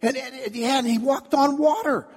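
A man's voice: very high voice, fairly even intonation, normal speed, slightly rough, big-room sound. A man preaching a sermon in a storytelling manner, often repeating words and acting out crowd voices. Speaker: pastor.

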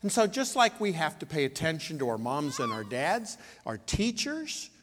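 A man leading a children's sermon in church, playful and animated, asking the kids lots of questions. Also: fairly high pitch, normal speed, a little hiss or hum. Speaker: pastor giving children's sermon. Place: church sanctuary. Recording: reverberant church hall.

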